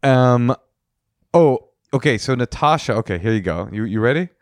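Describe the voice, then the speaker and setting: A man in his thirties co-hosts a podcast, chatting casually and comically and rambling through stories with many restarts. His pitch swings widely, and the recording is dry and close. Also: moderate pace, no room sound. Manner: animated, rambling storyteller with restarts. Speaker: podcast co-host. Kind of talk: casual comedic chat.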